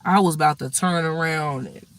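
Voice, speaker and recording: A woman telling stories in a casual, profane, animated rant to her viewers. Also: sits low, moderate pace. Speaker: vlogger.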